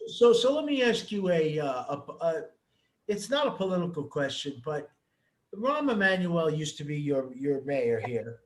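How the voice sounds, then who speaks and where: A man's voice: on the high side, very animated, moderate pace, a little hiss or hum. A man hosting an interview over a video call, giving short reactions and asking rambling questions. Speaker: interview host. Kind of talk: casual interview.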